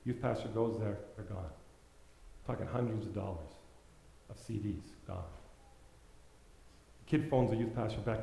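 A male preacher delivering a sermon with a mellow, darker tone. He tells stories with voices for each character and builds from soft asides to loud pleas. The sound carries a roomy echo. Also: on the low side, normal speed, gravelly, pauses often, a little hiss or hum. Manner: storytelling, acts out voices, swings from quiet to loud exhortation.

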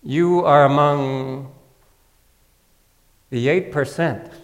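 A male pastor preaching a sermon in a church, in a conversational, gently humorous way. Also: medium pitch, steady tone, extremely slow, big-room sound.

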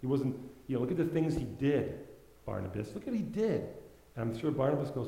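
A male preacher delivering a sermon with a mellow, darker tone. He tells stories with voices for each character and builds from soft asides to loud pleas. The sound carries a roomy echo. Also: mid-range voice, very animated, a little fast, vocal fry. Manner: storytelling, acts out voices, swings from quiet to loud exhortation.

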